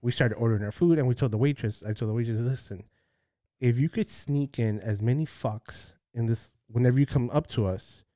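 A man's voice: fairly quick, mellow, no room sound. Man telling a rowdy story, dry sound. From South Florida. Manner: acts out quotes with jumps in pitch, swears freely. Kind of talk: casual chat, animated storytelling.

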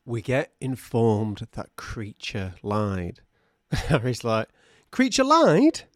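A man's voice: on the low side, slow, darkish tone, no echo, clean studio sound. A man co-hosting a comedic podcast, joking around and slipping into silly voices for characters. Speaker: podcast co-host. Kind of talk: comedic book-discussion podcast chat.

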